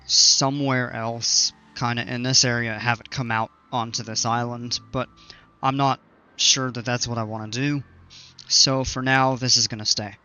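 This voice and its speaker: A man chatting loosely through his gameplay, trailing off into fillers and laughing at himself. His voice has a bright, tense edge at a middle pitch. The recording sounds a little dull and lo-fi. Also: little pitch movement, moderate pace, clean tone. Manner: rambling, self-mocking, many fillers. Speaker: game channel host. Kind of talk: casual gameplay commentary.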